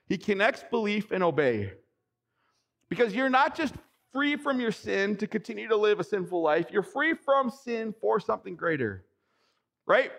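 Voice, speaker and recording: Male pastor, high gravelly voice, emphatic and excitable sermon delivery. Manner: excitable, emphatic preaching with sudden bursts; reads scripture passages aloud.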